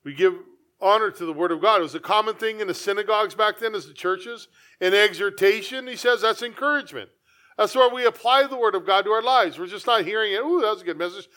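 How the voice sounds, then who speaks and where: Man, pastor, sermon, high voice, earnest conversational preaching. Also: quick pace, sharp tone.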